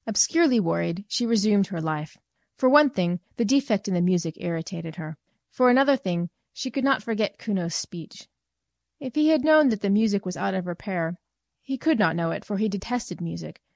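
A woman reading a short story aloud in measured, clear scripted narration. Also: medium pitch, animated, darkish tone, no room sound, clean studio sound. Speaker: reader.

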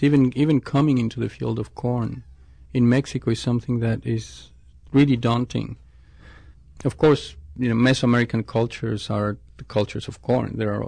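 A male scientist speaks in a gravelly, creaky voice at a middle pitch. He answers interview questions in a reflective way and often stops to restart his sentences. The sound is close and dry. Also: warm tone, no room sound. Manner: thoughtful, with frequent restarts and self-corrections.

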